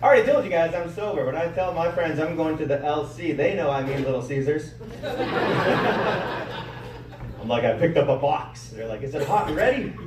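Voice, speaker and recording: A man's voice: on the high side, lively intonation, moderate pace, pauses often, heavy background noise. A man performing a stand-up comedy set, telling stories animatedly and acting out what his friends said. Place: comedy club stage. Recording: echoey room mic'd from a distance.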